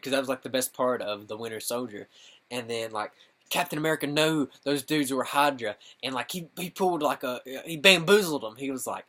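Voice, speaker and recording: A young man rambling excitedly through a casual film review, full of filler words and slang. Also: mid-range voice, a little fast. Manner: rambling, excitable, constant "dude" and "like". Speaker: gaming channel host reviewing a film.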